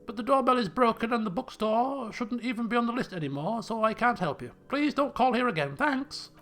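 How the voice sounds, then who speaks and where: A man's voice: very high voice, expressive, fairly quick, a bit bright, pitched above the performer's own voice. A man voicing an irritated woman who curtly brushes off a caller. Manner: curt and dismissive. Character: curt, irritated woman answering a phone.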